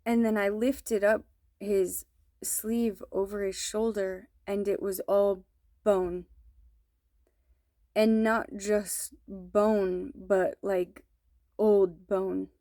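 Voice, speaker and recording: A mother slowly and earnestly recounting a troubling dream, with hesitant pauses. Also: medium pitch, flat delivery, mellow, no echo, studio quality. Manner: slow, earnest, hesitant storytelling. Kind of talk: personal testimony.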